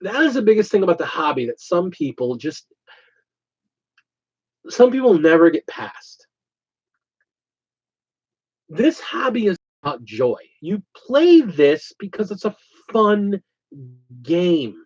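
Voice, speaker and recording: A man hosting a casual hobby chat show, talking in an animated, ranting way. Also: high voice, slow pace, pauses often, breathy edge. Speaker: host. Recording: dull lo-fi sound.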